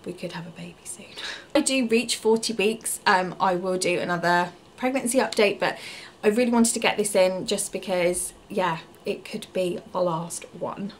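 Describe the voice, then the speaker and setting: A chatty woman in her thirties talks candidly to camera in a casual vlog, her voice at a middle pitch. There is a faint hum of room ambience behind her. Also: moderate pace. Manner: candid, chatty, with frequent ums and likes. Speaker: family vlogger.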